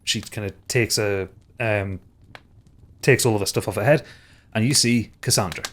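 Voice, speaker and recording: A man's voice: on the low side, moderate pace, a bit bright, a little hiss or hum. A man narrating as game master of a tabletop game, hesitant and full of fillers and restarts.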